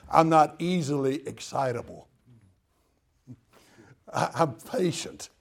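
A man's voice: fairly high pitch, a little slow, gravelly, long pauses, darkish tone. An older man from Tennessee with a Southern accent, preaching a sermon in a folksy, humorous storytelling way.

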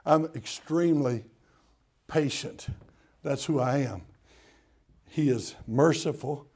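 A man's voice: mid-range voice, takes it slowly, gravelly, darkish tone, husky. An older man from Tennessee with a Southern accent, preaching a sermon in a folksy, humorous storytelling way.

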